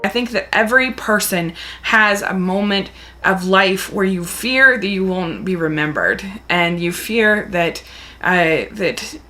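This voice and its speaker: A woman's voice: mid-range voice, lively intonation, unhurried, pushed and bright. A woman gushing enthusiastically as she reviews a film, retelling the story with plenty of repetition. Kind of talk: casual video review.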